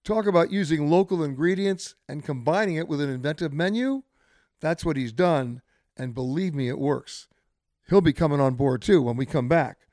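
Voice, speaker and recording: Hosting a travel show on the radio from a hotel, this man delivers direct tips in a chatty, emphatic manner. His voice is fairly high, expressive and a little mellow at a moderate pace, with clean studio sound and no room sound.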